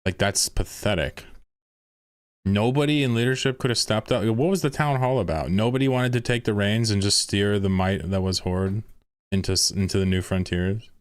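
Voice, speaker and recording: A low-voiced man streaming and commentating casually, venting in exasperation and swearing as he reacts to posts. His voice comes across dry and close, with no room sound around it. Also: normal speed, smooth, dry recording.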